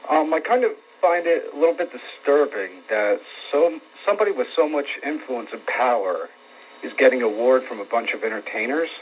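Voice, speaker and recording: A man's voice: medium pitch, animated, a little fast. Indignant male radio caller, lo-fi. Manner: hesitant, indignant. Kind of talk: phone-in talk radio. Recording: dull lo-fi radio with faint noise.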